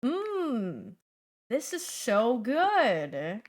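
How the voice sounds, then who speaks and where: Girl doing a super chirpy food reviewer lady, high and bright, goes mmm slow every time. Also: huge pitch swings, exaggerated voice. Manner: overly chirpy, drawn-out tasting murmurs. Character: bubbly young female food-review influencer, same script every time.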